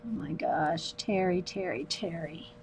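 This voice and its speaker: A woman's voice: on the low side, a little slow, slight background noise. A woman hosting an art livestream, chatting casually with viewers as she draws and laughing often. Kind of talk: casual livestream chat while drawing.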